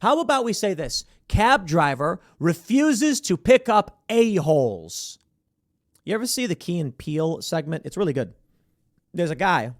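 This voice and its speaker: A man's voice: high voice, sing-song, measured pace, no echo, clean studio sound. A man hosting a commentary show, talking in a sarcastic, opinionated way and acting out the voices he quotes. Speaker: podcast host.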